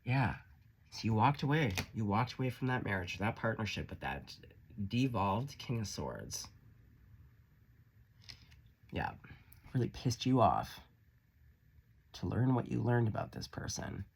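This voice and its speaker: A man reads tarot cards in a casual, chatty way, swinging between blunt curses and warm encouragement. His voice moves a lot in pitch and carries a gravelly edge. A faint hiss sits under the recording. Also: sing-song, a little slow, pauses often. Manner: blunt, profane, playful and encouraging. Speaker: tarot reader. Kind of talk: casual tarot reading to camera.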